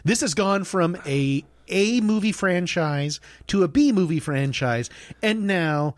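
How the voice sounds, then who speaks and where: A man's voice: high voice, expressive, unhurried, no echo. Sarcastic male podcast host, dry sound. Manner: sarcastic, blunt, joking. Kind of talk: casual chat.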